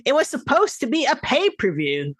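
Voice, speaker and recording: A playful woman from Montreal co-hosts a casual podcast. Her pitch swings in a lively way, and she giggles through the banter. Her voice is close and dry, with no room around it. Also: moderate pace, breathy edge, dry recording. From Montreal, Canada. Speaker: co-host.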